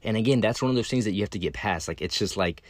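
A young man speaks bluntly in a loose, rambling way, with lots of swearing, fillers and self-corrections. His voice sits a bit low. The sound is dry and close, with no room around it. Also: quick pace, no echo. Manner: blunt and profane, many fillers and restarts. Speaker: video creator. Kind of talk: casual monologue.

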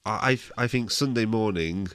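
A man's voice: lowish voice, moderate pace, fairly bright tone, smooth, no room sound, clean studio sound. A man hosting a music podcast, leading casual chat with teasing, jokey banter. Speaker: podcast host.

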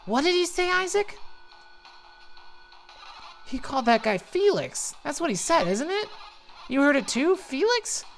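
A woman doing a squeaky, alarmed young game hero. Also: sing-song, a little slow, long pauses, soft background music, exaggerated voice. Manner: high, agitated and questioning. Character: excitable young male hero, anxious.

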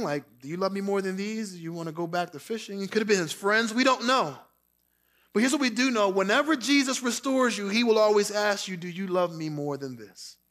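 A man preaching a sermon, reading scripture and acting out quoted lines, dropping soft and slow for tender words. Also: high-pitched. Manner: preaching with dramatic quoted voices, drops soft for Jesus' words. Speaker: pastor.

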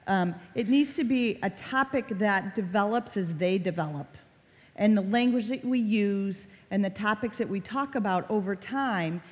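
Her mid-range, darkish voice carries through a reverberant hall as she gives a talk to parents. She works as an online safety educator, speaking conversationally and performing short quoted lines.

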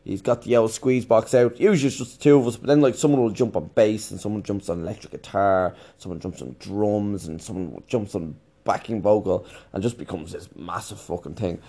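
A man's voice: lowish voice, a little fast, few pauses, dark tone. A man telling a rambling, casual anecdote, swearing freely as he goes. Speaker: teacher and storyteller.

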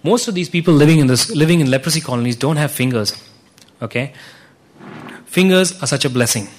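A man's voice: fairly high pitch, lively intonation, brisk. A man giving an earnest church talk with slides, telling stories with frequent restarts. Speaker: ministry speaker presenting to a church.

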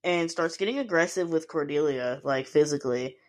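A woman podcaster with a somewhat low voice talks through a reality show episode in loose, casual chat. She swears often and slips into quick impressions of the cast as she retells scenes. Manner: chatty, swearing freely, acting out quotes. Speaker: podcast host recapping a show.

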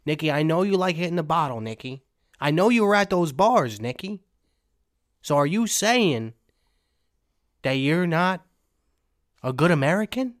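Male podcast host, teasing mock-serious interviewer, a bit higher pitch. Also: expressive, a little slow, long pauses, no echo, clean studio sound. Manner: needling, mock-serious questioning. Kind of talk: casual podcast chat.

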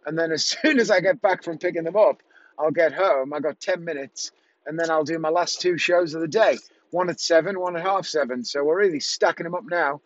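This is a middle-aged English magician talking informally for his vlog, wandering off topic and fixing his own words along the way. He speaks briskly in a slightly high voice, captured on dull, dry, lo-fi audio.

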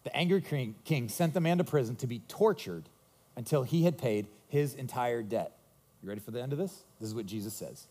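A male pastor preaching a sermon, retelling a parable in a conversational, animated way with casual asides. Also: medium pitch, a little fast. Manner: conversational, animated storytelling with quips.

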